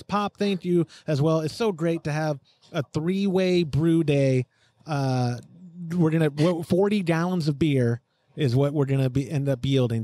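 A man's voice: fairly high pitch, darkish tone, no room sound. A man hosting a homebrewing podcast, chatting casually and reading out live chat comments. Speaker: podcast host.

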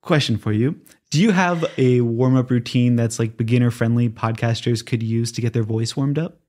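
A man's voice: medium pitch, normal speed, a little mellow. A man hosting a podcast, chatting casually in a rambling, self-correcting way. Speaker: podcast host. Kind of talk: casual interview chat.

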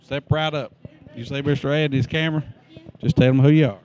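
A man's voice: on the high side, fairly even intonation, quick pace, a little mellow. A man greeting students at a school entrance outdoors, folksy and joking as he gives friendly instructions. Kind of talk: casual on-camera greeting.

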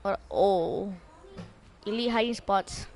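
A young woman streaming a game live, talking to teammates in an excitable, jumpy way and swearing often. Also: mid-range voice, takes it slowly. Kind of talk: live gameplay commentary.

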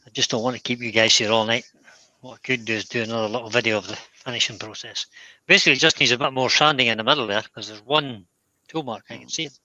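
Scottish man, very bright voice, dry close sound, easygoing live-stream chat while working. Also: medium pitch, steady tone, quick pace, no room sound, rough recording. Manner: thinks aloud, self-critical and easygoing. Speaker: woodturner hosting a live stream.

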